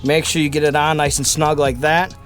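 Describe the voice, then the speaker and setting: A man's voice: on the high side, little pitch movement, brisk, a bit bright, faint music behind. A man talking casually through a step-by-step truck install, explaining each part as he works. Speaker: DIY car vlogger. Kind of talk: casual how-to vlog. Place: garage or driveway by a truck. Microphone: action camera mic.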